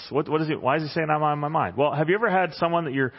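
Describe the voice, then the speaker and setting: A man's voice: fairly high pitch, fast talker. A man preaching a sermon in a church hall, conversational and joking, reading Bible passages aloud. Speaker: pastor. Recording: muffled sound with long hall reverb.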